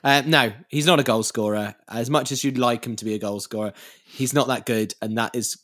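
A man calmly explaining the finer points of a sport on a casual podcast, steady and sure of his opinions. His mid-range voice is recorded close and dry, without any room echo. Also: mid-range voice. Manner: measured, explanatory, firmly contrarian. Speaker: podcast co-host.

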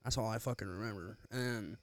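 A man's voice: lowish voice, brisk, no room sound. A young man casually telling a profane story on a podcast, laughing often, close to the mic. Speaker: podcast co-host.

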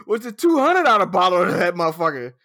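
A man's voice: high voice, big pitch swings, fast talker, gravelly, a crowd in the background. Guy in his 30s telling a wild story, swears a ton, keeps laughing. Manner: profane, laughing anecdote telling. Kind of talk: casual chat.

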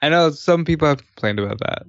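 A man's voice: fairly high pitch, lively intonation, fast, dry recording. Male podcast co-host, opinionated and profane, muffled lo-fi dry sound. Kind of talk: casual wrestling chat.

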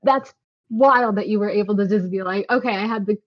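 A woman's voice: medium pitch, a little fast, lo-fi sound. A woman podcast host reacting to a guest's story in emphatic casual chat, often laughing.

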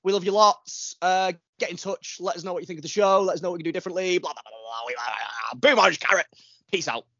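A man's voice: high voice, steady tone, fast, pushed and bright, no echo, lo-fi sound. A man hosting a casual podcast, rambling and jokey, poking fun at himself. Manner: rambling, jokey, self-deprecating. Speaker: podcast host.

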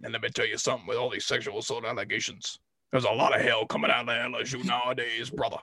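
A man doing an impression of a boastful, trash-talking college football coach, with a deep gravelly drawl. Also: flat delivery, quick pace, pushed and bright, no room sound. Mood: cocky trash talk.

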